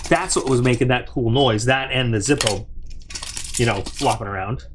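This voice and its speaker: A man of middling pitch hosts a casual unboxing review and talks straight to his viewers. He rambles in a chatty way, doubles back on himself, and drifts into side remarks before returning to the item in his hands. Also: normal speed, a little hiss or hum. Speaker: product reviewer and channel host.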